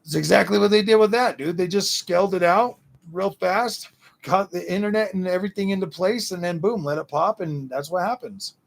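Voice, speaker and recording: A man with a raspy, fry-heavy voice pitched a little high hosts a casual livestream. He rants to chat in loose slang and keeps repeating and restarting his sentences. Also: a little fast. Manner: slangy ranting, lots of "dude" and "man". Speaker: livestream host answering chat.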